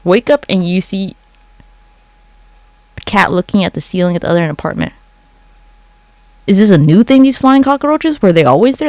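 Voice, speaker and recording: Recorded dry, this medium-pitched voice belongs to a livestreamer talking into a phone from home late at night. They ramble casually, swear freely, and answer comments from chat.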